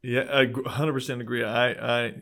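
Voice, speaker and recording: A man hosting a podcast in casual chat, talking haltingly with many restarts. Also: medium pitch, steady tone, fairly bright tone. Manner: hesitant, restarts a lot. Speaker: podcast host.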